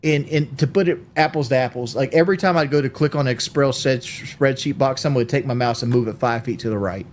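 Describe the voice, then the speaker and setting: A man on a late-night call with another streamer, explaining himself haltingly with lots of analogies and asides. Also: medium pitch, slight background noise.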